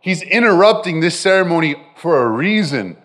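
A man preaching a sermon, animated and direct with his listeners, often dropping from loud emphasis to soft, intimate phrases. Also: high-pitched, moderate pace. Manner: addresses listeners directly with frequent "right?". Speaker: pastor.

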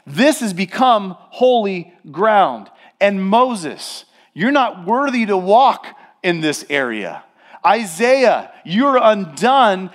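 Male pastor, high-pitched, emphatic sermon delivery, talks straight to the congregation. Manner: emphatic preaching, slows and stresses repeated words; addresses the congregation directly.

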